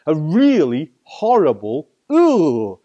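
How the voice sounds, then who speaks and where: A man's voice: fairly high pitch, huge pitch swings, takes it slowly, mellow, dull audio. A man with a Staffordshire accent telling a children's story in a playful, theatrical way. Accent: Staffordshire English. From England. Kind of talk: oral storytelling.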